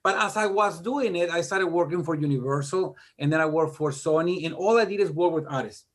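A middle-aged man talking as a guest in a casual interview, animated and self-deprecating as he tells stories. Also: a little high, fairly quick. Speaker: guest music producer.

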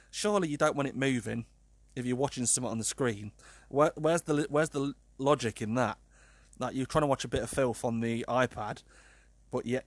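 Male podcast host, medium pitch, dry close sound, cheeky and sweary. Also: no room sound. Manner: animated, sweary, laughs at his own jokes. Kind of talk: casual podcast monologue.

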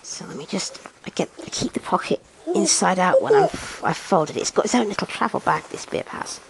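A woman's voice: medium pitch, wildly swooping pitch, fairly quick, gravelly, background noise. A woman chatting casually to her listeners while feeding her baby, breaking off to scold him and talking in a sing-song baby voice. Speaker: parent podcaster.

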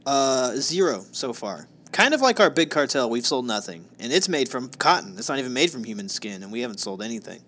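A man's voice: mid-range voice, big pitch swings, brisk, hardly any pauses, a bit bright. A man co-hosting a casual true-crime podcast, narrating case details with sarcastic jokes. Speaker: podcast co-host.

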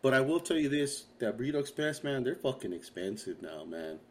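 A man co-hosting a casual podcast chat, emphatic and animated, repeating himself as he talks. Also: mid-range voice, fairly quick, a crowd in the background. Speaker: podcast co-host.

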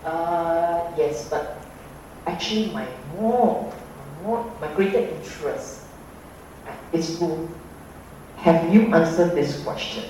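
A man teaching a meditation class, unhurried and emphatic with playful asides. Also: a little high, dark tone, slight background noise. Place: hall with an audience. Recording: roomy hall, voice from a distance.

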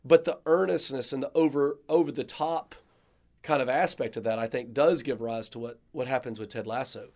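A man's voice: medium pitch, steady tone, moderate pace, darkish tone. A man who is a theologian and ethicist, musing reflectively on a podcast with frequent "like" fillers. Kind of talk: casual podcast discussion.

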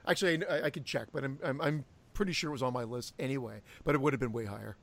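A man's voice: medium pitch, rapid-fire, vocal fry, fairly bright tone. A man co-hosting a casual podcast, hesitant and repeating words when unsure. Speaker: podcast co-host. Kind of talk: casual chat.

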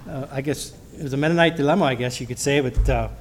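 A middle-aged man preaches a church sermon and mixes in personal testimony. His pitch is ordinary for a man and his delivery halts and restarts often. A faint noise sits behind him. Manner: halting, with frequent restarts; reads scripture in King James wording. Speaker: lay preacher.

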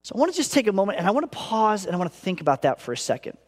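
A male pastor preaching a sermon in an earnest, expressive way. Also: very fast, big-room sound. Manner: earnest, acts out inner voices with big pitch swings.

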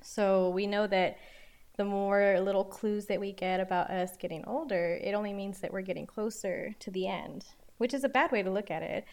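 A woman in her late twenties co-hosting a casual discussion podcast, explaining ideas in a measured way. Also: mid-range voice, steady tone, a little mellow. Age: late 20s. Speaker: podcast co-host.

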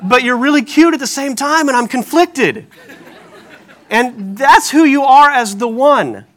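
A male pastor delivers a sermon in a notably high voice. His tone is bright and forceful, and he tells stories with lively, self-mocking humor. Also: a little slow. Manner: animated storytelling with self-deprecating humor.

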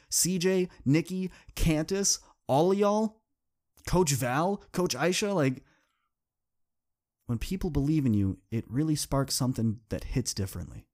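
A young man talks straight to his listeners in a motivational podcast monologue, earnest and heartfelt. His voice sits at an ordinary, middle pitch for a man, and he keeps stacking phrases with rising intensity. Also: warm tone. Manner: earnest, building to impassioned repetition. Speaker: podcast host.

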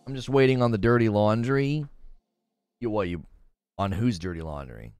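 A man's voice: lowish voice, expressive, moderate pace, a little mellow, clean tone, no room sound. Guy on a livestream reading chat and mocking stuff, voice swinging all over, faint music behind. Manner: sarcastic, mocking ranting. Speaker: livestream host. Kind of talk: live stream commentary reading chat.

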